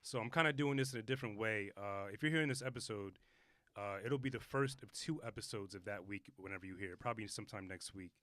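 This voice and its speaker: Young male podcast host, rambling and loose, quick, bright, dry close sound. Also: on the low side, no room sound. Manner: rambling, laid-back slang. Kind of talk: casual podcast chat.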